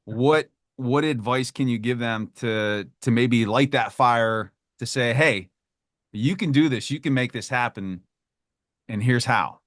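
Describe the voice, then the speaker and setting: A man's voice: medium pitch, measured pace, dry recording, clean studio sound. A man hosting a podcast interview, earnest and grateful, often repeating words as he asks questions. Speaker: podcast host.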